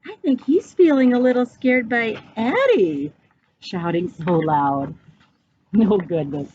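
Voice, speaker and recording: A woman teacher reading a picture book aloud to children, pausing to ask them questions. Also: fairly high pitch. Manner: slow, animated, asking children questions. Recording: dull, slightly noisy recording.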